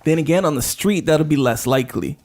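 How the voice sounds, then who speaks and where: A man's voice: on the high side, expressive, brisk, darkish tone. A man co-hosting a podcast, talking casually and hesitantly, thinking aloud with many fillers. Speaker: podcast co-host. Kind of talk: casual conversation.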